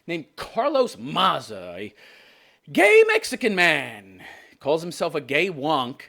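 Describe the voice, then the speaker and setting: A man's voice: on the high side, fairly bright tone. A man in his fifties, hosting a commentary show, ranting with profanity and sarcasm and laughing at his own jokes. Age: 50s.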